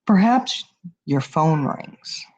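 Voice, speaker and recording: A woman's voice: low voice, lively intonation, drawn-out words, a little mellow. Rambling woman streaming casual chat. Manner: rambling, many fillers, talks to chat. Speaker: livestream host. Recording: dull lo-fi stream audio.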